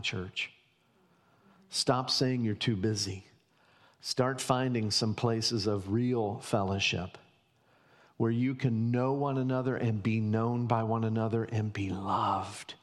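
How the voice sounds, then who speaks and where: In a church sanctuary, a man with a mid-range voice preaches a sermon as pastor, building emphatic runs of repeated rhetorical questions. A long reverb tail trails his words.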